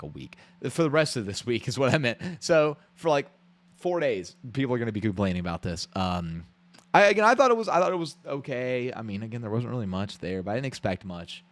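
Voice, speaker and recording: Profane, rambling male streamer. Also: lowish voice. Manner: blunt, profane, rambling rant with frequent restarts. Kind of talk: live stream reaction commentary.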